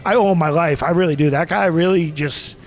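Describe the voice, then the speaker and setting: A man's voice: on the high side, fairly quick, a little hiss or hum. A man in his forties from Massachusetts, an interview guest telling rambling stories and acting out the people in them. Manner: rambling, animated, acts out voices in anecdotes. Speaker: interview guest, former pro wrestler. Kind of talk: casual storytelling.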